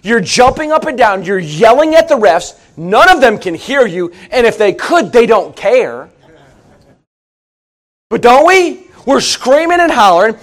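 High, lively-voiced male preacher. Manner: conversational, jokey preaching with sudden loud outbursts. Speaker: pastor. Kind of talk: sermon.

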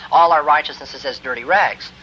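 An emphatic male lecturer with a bright, forceful voice, pitched a little high. He drives his points home with rising, forceful emphasis. The recording is a dull, lo-fi tape with a faint hiss. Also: a little fast. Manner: emphatic, builds to forceful exclamations. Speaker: theology lecturer. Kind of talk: classroom lecture on Christian ethics.

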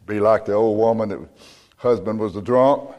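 A man's voice: on the low side, moderate pace. Emphatic preacher man in echoey church. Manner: emphatic, rises to loud preaching peaks. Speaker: pastor. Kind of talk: sermon.

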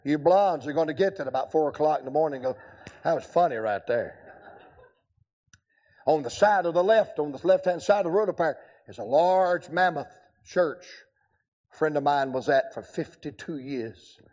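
A man's voice: fairly high pitch, moderate pace, a little mellow, muffled recording. An older man preaching a revival sermon, telling folksy stories with humor. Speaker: evangelist preacher.

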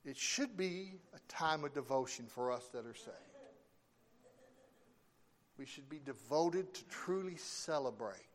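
A man preaching a sermon, slow and emphatic, with dramatic pauses between phrases. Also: medium pitch, lively intonation.

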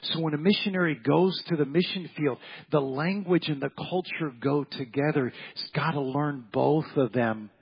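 In a church sanctuary, a pastor delivers an evening sermon in a folksy, repetitive way, often voicing the people in his stories. His voice is medium-pitched and slightly rough, and the sound is lo-fi.

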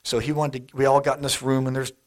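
A man's voice: medium pitch, little pitch movement, fast talker, darkish tone. A middle-aged man preaching a sermon in a church, telling stories in a conversational way and speaking straight to the congregation. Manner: conversational storytelling, addresses the congregation directly.

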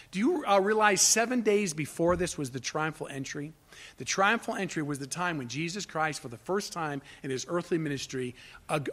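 A man preaching a sermon with passion, swinging from quiet, low asides to loud, pleading cries. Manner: impassioned, rising to near shouts on quoted cries. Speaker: pastor.

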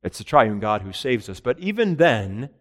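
Male preacher, mid pitch, expository sermon; swings between emphatic and hushed delivery. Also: big pitch swings, moderate pace. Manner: rises to emphatic peaks and drops to quiet; reads scripture in old-style wording, then explains.

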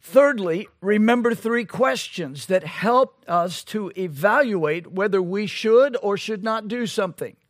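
Slow, emphatic high-voiced male pastor. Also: lively intonation, no echo, clean studio sound. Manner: emphatic, rhetorical questions, slow deliberate delivery. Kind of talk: sermon.

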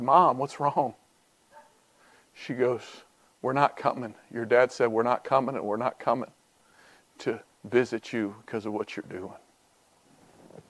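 A middle-aged man preaching a revival sermon, moving from hushed storytelling to fervent, near-shouted pleas. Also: on the high side, dry recording.

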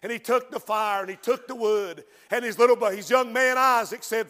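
A man preaching a fervent sermon, dropping to a hush and then rising to shouts. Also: very high-pitched, fairly even intonation, moderate pace, hardly any pauses. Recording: long reverb in a large hall.

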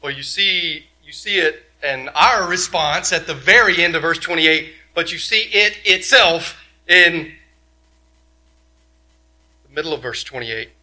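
Man preaching a sermon, sharp forceful tone, emphatic rhetorical questions, loud then hushed. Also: fairly high pitch, expressive, measured pace. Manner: swings from loud to quiet. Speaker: pastor.

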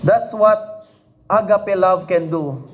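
A man's voice: high voice, slow pace, a little hiss or hum. A man preaching a sermon, repeating phrases for emphasis and asking the congregation questions. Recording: dull lo-fi recording.

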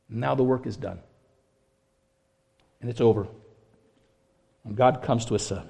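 A man preaching a sermon, rising to loud impassioned stretches and then dropping to a hushed, prayerful voice. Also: medium pitch, big pitch swings, measured pace, vocal fry, long pauses.

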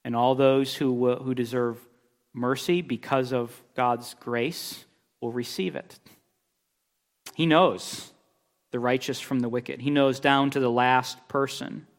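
A man's voice: medium pitch, steady tone, slow pace. Guy preaching in a big echoey sanctuary, emphatic, asks the room questions, repeats himself for effect. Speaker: pastor. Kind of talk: expository sermon. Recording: long reverb of a large hall.

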